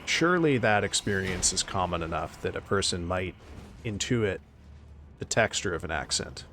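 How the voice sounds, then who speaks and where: A man's voice: low-pitched, animated, normal speed, sharp tone, slight background noise. A Canadian man chatting casually with his stream chat while playing a game, wry and prone to joking swears. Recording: game music playing behind.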